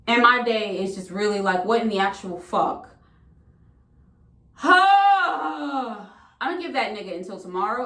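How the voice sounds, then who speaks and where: A woman's voice: on the high side, fairly bright tone. A young woman venting casually to camera, exasperated and profane. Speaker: vlogger. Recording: roomy echo.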